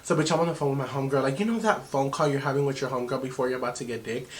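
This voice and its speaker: Young male vlogger, animated storytime, profane, code-switches to Spanish. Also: mid-range voice, racing, slight background noise. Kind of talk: storytime vlog.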